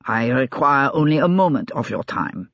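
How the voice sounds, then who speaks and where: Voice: mid-range voice, very animated, normal speed, a bit bright, no echo. A reader voicing a proud but nervous foreign army colonel who talks in a strained, defensive way, for an audiobook. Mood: formal. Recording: dull, dry lo-fi recording.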